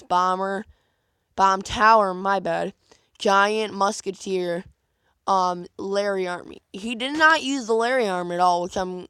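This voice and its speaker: Young guy with a smooth, dry voice. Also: high-pitched, sharp tone, no echo. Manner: rambling, replays his own thoughts in quotes, many "like" fillers. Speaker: gaming video creator. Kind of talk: casual gameplay commentary.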